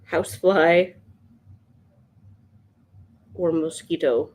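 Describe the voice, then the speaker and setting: A woman streaming live as she sketches, chatting to viewers and thinking out loud, yawning now and then. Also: low voice, drawn-out words. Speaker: livestream sketch artist. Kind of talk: casual livestream chat.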